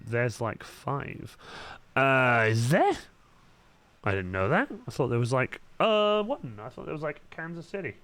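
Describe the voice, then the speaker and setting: A young cosplay livestreamer paints while chatting casually, swearing constantly and muttering asides as he works. His medium-pitched voice is gravelly and fairly bright, recorded on a studio microphone with faint background music.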